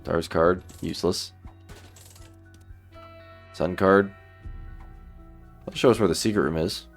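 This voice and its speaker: Gaming commentator, male, very low voice, laid-back running commentary, faint music underneath. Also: slow, vocal fry. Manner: relaxed, thinking aloud while playing. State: sleepy, yawning. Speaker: gaming YouTuber. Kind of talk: let's play commentary.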